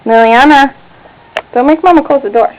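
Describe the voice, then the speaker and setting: A woman's voice: high voice, moderate pace, slight background noise, low-quality recording. A mother talking to her baby in a home video, coaxing in sing-song baby talk with gasps. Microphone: home video camera.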